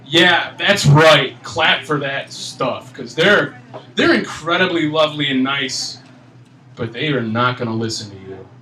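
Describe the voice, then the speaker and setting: A young man from Michigan in his twenties doing a stand-up comedy set, ranting in an exasperated, animated way. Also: medium pitch, a little slow, slight background noise. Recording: echoey room, mic at a distance.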